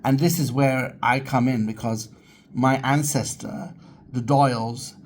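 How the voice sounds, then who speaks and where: A man of ordinary pitch chats to camera about history, getting excited and rambling as he restarts his sentences. A faint hum of ambient noise sits behind his voice. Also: a little slow. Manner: rambling, enthusiastic, frequent restarts. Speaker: channel host, history enthusiast. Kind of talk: casual talk to camera.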